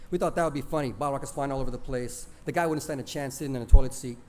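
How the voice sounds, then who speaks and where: Warm-voiced man telling a childhood story. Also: mid-range voice, very fast, hardly any pauses. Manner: plainspoken, mixes in Spanish words. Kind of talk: oral storytelling of a childhood memory.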